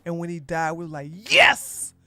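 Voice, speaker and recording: Slow, bright-voiced sarcastic woman host. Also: on the low side, smooth, no room sound. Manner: sarcastic, blunt, talks to chat. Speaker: podcast host. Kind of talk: livestream political commentary.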